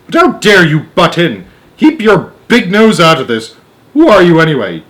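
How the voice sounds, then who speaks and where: A man doing a loud, cheeky astronaut. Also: fairly high pitch, moderate pace, voice pushed up. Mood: excited, sassy. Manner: loud, excited, sassy. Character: excitable male astronaut commander, cheeky. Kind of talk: storybook read-aloud.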